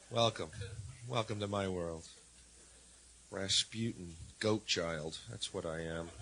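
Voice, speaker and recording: A man performing a stand-up routine in a wry, sardonic way, swinging between low mutters and loud jabs. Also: takes it slowly, long pauses, slight background noise, poor audio. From United States. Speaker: stand-up comedian.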